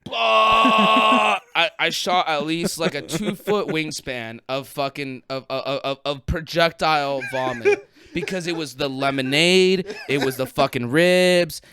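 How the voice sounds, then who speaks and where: A young man co-hosting a podcast, telling a story in casual chat, animated and swearing a lot as he acts out what people said. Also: fairly high pitch, a little slow, noisy background. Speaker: podcast co-host.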